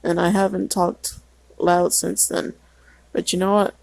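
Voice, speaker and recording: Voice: mid-range voice, flat delivery, measured pace, vocal fry, dry recording, rough recording. A teenager rambling and venting in a casual vlog, full of "like" and swearing. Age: teens. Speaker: vlogger.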